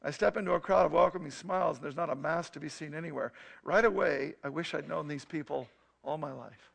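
A man's voice: fairly high pitch, a little fast, creaky, a bit bright, breathy edge. A man preaching a sermon, telling a story and then teaching in an earnest, emphatic way.

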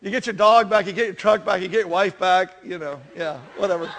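Man in his fifties, pastor, chatty sermon, high voice, gravelly edge. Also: background noise. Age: 50s. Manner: chatty, self-deprecating, animated storytelling.

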